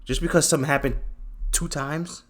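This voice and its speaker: A man hosting a trading channel, giving casual chart commentary to his viewers in an animated, teasing, slangy way, repeating himself for emphasis. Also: on the high side, fairly quick.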